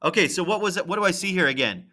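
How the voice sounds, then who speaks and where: Man, math teacher, screen-recorded lesson, conversational, bright tone. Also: high voice, lively intonation, very fast. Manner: conversational, thinking aloud with frequent "right?" and "okay?".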